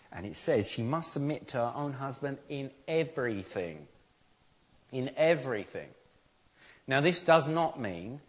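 Man, pastor, conversational sermon, earnest, rhetorical questions, mid-pitched voice.

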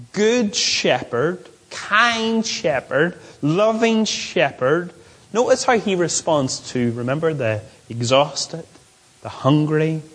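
A man preaching a sermon, repeating key phrases and stretching words out slowly for emphasis. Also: a little high, breathy edge, poor audio. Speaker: pastor.

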